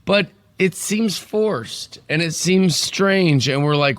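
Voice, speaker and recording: A man's voice: a little high, expressive, slow, no echo. Guy co-hosting a podcast, rambly and thoughtful, dry close sound. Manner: thoughtful, rambling, musing aloud. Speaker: podcast co-host. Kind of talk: casual chat.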